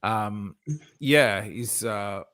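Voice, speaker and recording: Lower-voiced Irish man chatting. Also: extremely slow. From Ireland. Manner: animated storytelling, swears and laughs. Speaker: guest. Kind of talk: casual chat.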